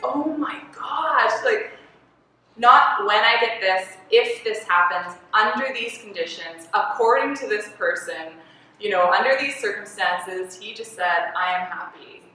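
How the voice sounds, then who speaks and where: Animated woman guest in echoey room. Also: mid-range voice, a little slow. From Canada. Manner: animated storyteller, laughs often, lots of fillers. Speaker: artist and designer guest. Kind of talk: candid conversational interview. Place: event space. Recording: echoey room, distant mic, faint noise.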